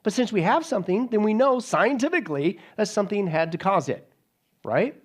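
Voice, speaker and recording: A man's voice: sits high, expressive, a little fast. A male pastor preaching an emphatic sermon with sarcastic, mocking asides.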